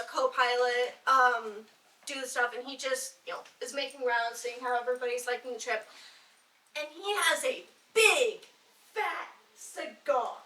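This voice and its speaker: At a bardic circle in an indoor gathering room with listeners, a woman with a high, bright voice tells jokes casually, live. She rambles with fillers and giggles through her own jokes, heard from a distance in an echoey room.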